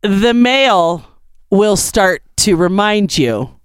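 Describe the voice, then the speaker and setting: A woman in her fifties co-hosting a casual chat, an animated storyteller who acts out quotes and laughs mid-sentence. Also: mid-range voice, slow, smooth, no echo, clean studio sound. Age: 50s. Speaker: podcast co-host.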